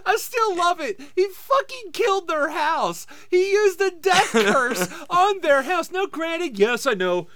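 Man, podcast co-host, excitable, swearing, bright tone, dry close sound. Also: extremely high pitch, measured pace, few pauses, no room sound. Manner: excitable, swearing, laughing often. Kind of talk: casual chat.

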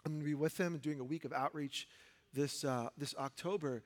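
Male pastor, high-pitched, animated delivery, acts out characters in his sermon. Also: a little fast, long reverb tail. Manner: animated preaching, mimics voices in quotes.

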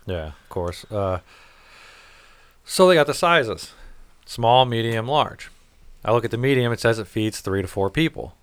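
A man's voice: mid-range voice, expressive, measured pace, pauses often, clean tone, dry recording. A man telling a rambling, profane story in casual chat. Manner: rambling, profane, laughs at his own story.

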